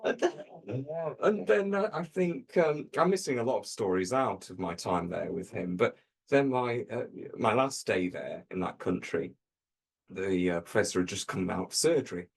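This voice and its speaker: A man on a comedy panel telling an absurd dark tall tale in a dry, deadpan way, with hesitant fillers. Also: deep voice, normal speed, gravelly, slightly rough.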